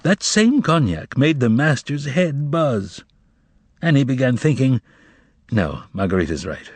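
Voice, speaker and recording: A man narrating an audiobook novel in a measured, expressive storytelling manner. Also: medium pitch, no room sound. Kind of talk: scripted narration.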